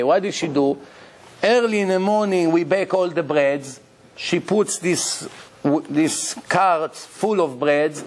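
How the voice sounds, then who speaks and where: A man giving a religious lecture as a rabbi, emphatic and animated, repeating key phrases as he tells stories. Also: fairly high pitch, slow.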